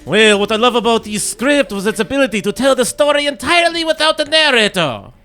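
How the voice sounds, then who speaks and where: A man's voice: very high voice, sing-song, a little fast, sharp tone, smooth, faint music behind. A man co-hosting an audio drama podcast, reluctant and dry in chat. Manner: reluctant, dry, then a put-on Western drawl. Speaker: podcast co-host and voice actor.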